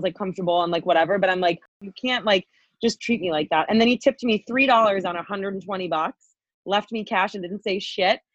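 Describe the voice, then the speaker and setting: A woman's voice: mid-range voice, dry recording. A young woman co-hosting a podcast, venting in a heated, profane ramble packed with "like" fillers. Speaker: podcast co-host. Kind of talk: casual chat, venting story. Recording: dull lo-fi dry podcast audio.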